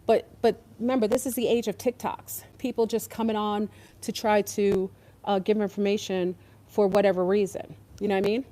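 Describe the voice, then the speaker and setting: A woman's voice: medium pitch, little pitch movement, moderate pace, dark tone. A woman ranting in casual commentary, exasperated and sarcastic, now and then mocking others in put-on voices. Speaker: podcast host.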